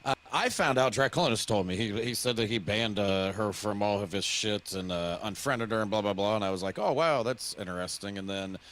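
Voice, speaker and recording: A man in casual podcast chat, rambling and halting with many restarts. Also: on the low side, a bit bright.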